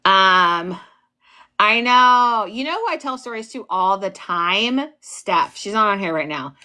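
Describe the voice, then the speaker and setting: Goofy, animated woman in her forties. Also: medium pitch, a little slow, clear, resonant tone. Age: 40s. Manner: goofy, giggly, talks to chat by name. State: tired. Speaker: instructor. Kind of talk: casual livestream chat with viewers.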